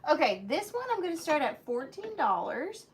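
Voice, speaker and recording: Lively high-voiced woman hosting a sale. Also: moderate pace, background noise. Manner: chatty, playful, talks to viewers by name. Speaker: live sale host. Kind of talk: live auction selling chat.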